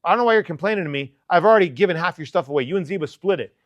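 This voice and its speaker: A man's voice: sits high, animated, rapid-fire, no echo, lo-fi sound. A man voicing an irritated king who curtly brushes off a complaint.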